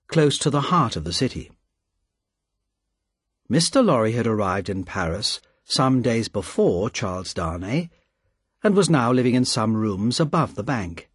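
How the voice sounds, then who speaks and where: A man reading a novel aloud as an audiobook narrator, measured and expressive, on a close studio mic. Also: medium pitch, husky, dry recording. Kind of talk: scripted narration.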